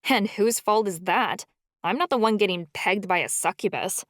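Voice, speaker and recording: A woman's voice: medium pitch, very animated, normal speed, no room sound, natural voice. A woman acting out a hurt, snide young woman who keeps throwing accusations. The sound is dry and close. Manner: snide, accusing, shouting back.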